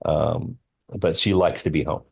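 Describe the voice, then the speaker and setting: A man, a film line producer, telling a personal story as a podcast guest in an earnest, halting way with many fillers and restarts. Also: rumbling low, steady tone, vocal fry, breathy edge.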